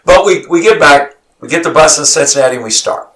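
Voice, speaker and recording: A man, a college basketball head coach, telling stories in an animated way as a studio guest, repeating words as he gets worked up. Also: fairly high pitch, quick pace. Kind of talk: emotional storytelling in a studio interview. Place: radio studio. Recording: voice sounds far from the mic.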